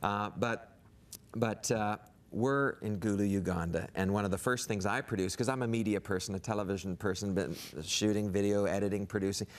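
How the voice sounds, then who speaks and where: A man's voice: fairly low pitch, steady tone, fairly quick. A man talking on a studio talk show as a guest missionary and TV producer, earnest and enthusiastic, with frequent restarts. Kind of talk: casual studio chat.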